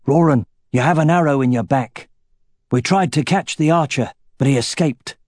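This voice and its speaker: A man voicing a steady soldier who explains a wound calmly and plainly in an audiobook. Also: medium pitch, normal speed, no echo, studio quality, natural voice. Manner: calm, matter-of-fact. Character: calm, steady soldier man, practical medic.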